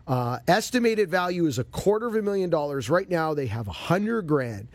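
Brief: male golf radio host, lively storyteller, slightly high voice, dry close sound. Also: moderate pace, dry recording. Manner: animated, expressive storyteller. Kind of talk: casual storytelling chat.

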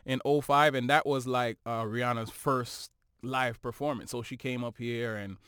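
A man talks through his stories in a relaxed, animated way, often tagging on "you know what I'm saying". His voice sits mid-range and comes through smooth and clear. The recording is dry and close. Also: medium pitch, normal speed, dry recording. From Toronto, Canada. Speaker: guest musician. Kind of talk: casual interview chat.

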